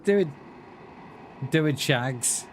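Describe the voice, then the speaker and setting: Slow-talking man streaming a game. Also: fairly high pitch, expressive. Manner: rambling, chummy, addresses chat as mate and buddy. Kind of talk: casual live-stream chat while playing. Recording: clear game noise behind the voice.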